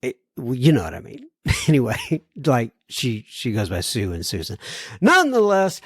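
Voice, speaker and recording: American man, podcast host, lively swooping pitch, dry close sound, rambling and apologetic. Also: normal speed, slightly rough, no room sound. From United States. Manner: rambling, apologetic, drifts into tangents. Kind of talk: casual chat reading listener letters.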